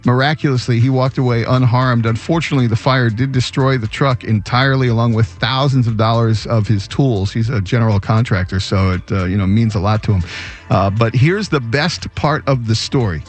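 A man's voice: mid-range voice, fairly quick, soft background music. A man hosting a radio show, telling a good-news story in a conversational way with fillers. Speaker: radio host.

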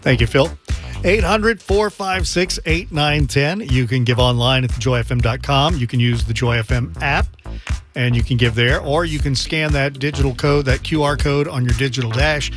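A man's voice: medium pitch, normal speed, soft background music. A man hosting a radio fundraiser, upbeat, reading out donor names and their messages. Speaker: radio host. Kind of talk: radio fundraiser on-air talk.

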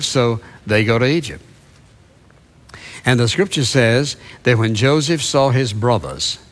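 Guy preaching a sermon, retelling bible stories, talks to the crowd as he goes. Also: mid-range voice. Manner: storytelling Bible passages with asides to listeners.

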